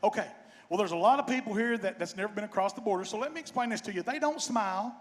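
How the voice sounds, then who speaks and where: A man speaks as a bandleader on a festival stage, folksy and joking. His voice sits fairly high. The stage microphone carries it into a long, ringing reverb. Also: quick pace. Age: 50s. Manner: folksy, joking, warm-hearted. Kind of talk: stage banter and storytelling.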